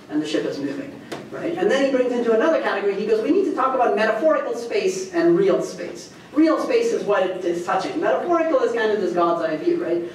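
Male professor lecturing, lively swooping delivery, heard from a distance in a room with heavy echo and faint room noise. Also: high voice. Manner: animated, acts out quoted arguments, asks "right?" often. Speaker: history professor giving a guest lecture. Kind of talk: academic lecture. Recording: very echoey lecture room, mic far off.

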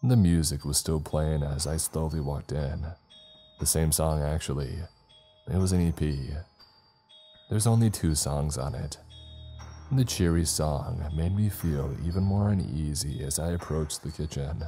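Very deep, dark-voiced male horror narrator. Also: unhurried, faint music behind. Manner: uneasy, rambling confessional telling. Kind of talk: scripted first-person horror narration.

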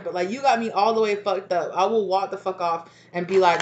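A woman doing a casual tarot reading, animated and profane, with frequent laughter and quoted asides. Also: mid-range voice, normal speed, hardly any pauses, noisy background. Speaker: tarot reader.

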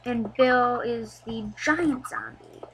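A woman giving casual, chatty commentary over a video game, getting excited and laughing as she plays. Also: fairly high pitch, slow, slight background noise, poor audio. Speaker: gameplay commentator.

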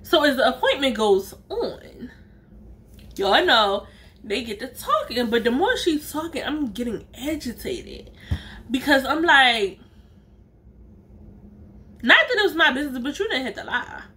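A woman vlogger telling a story in a casual, animated way, full of slang and emphatic asides. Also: sits high, unhurried, long pauses. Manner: acts out other people's lines in her own voice.

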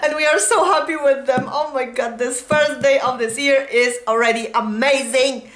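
Gushing high-voiced young woman. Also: normal speed, a bit bright, a little hiss or hum. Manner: gushing, exclaiming, laughing often. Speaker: reaction channel host. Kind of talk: excited fan reaction commentary. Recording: echoey room with faint music.

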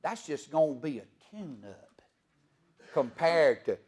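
Man, pastor, sermon, loud proclaiming to hushed storytelling, rhetorical questions. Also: fairly high pitch, sing-song, takes it slowly, slightly rough. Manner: asks the congregation rhetorical questions.

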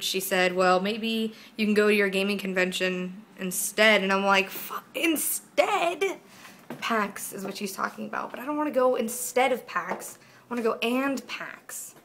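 A woman's voice: medium pitch, fairly even intonation, moderate pace, a bit bright. Young woman vlogger, rambling and giggly, swears freely, camera mic in a home room, faint background noise. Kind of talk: casual vlog chat. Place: at home by a white wall.

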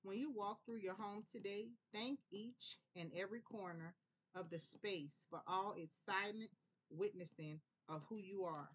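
A woman from New Orleans with a New Orleans accent, giving a relaxed, prayerful tarot reading in a conversational way. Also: medium pitch, unhurried, breathy edge. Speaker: tarot reader. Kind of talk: casual spiritual tarot reading.

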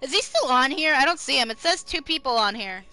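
A young woman streaming live, chatting excitably to her viewers, swearing freely and singing along to music now and then. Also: high voice, fairly quick. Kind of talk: casual live-stream chat.

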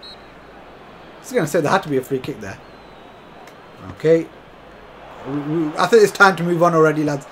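A man giving excitable, chatty commentary over a football video game, often calling to his viewers as lads. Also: on the high side, normal speed, pauses often, a little hiss or hum. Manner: chatty, keeps calling viewers lads, bursts into shouts and laughs. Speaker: gaming YouTuber.

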